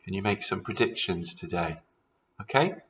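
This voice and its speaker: A man's voice: low voice, animated, moderate pace, fairly bright tone, rough recording. A man who teaches primary school, reading a children's story aloud expressively and talking to his pupils.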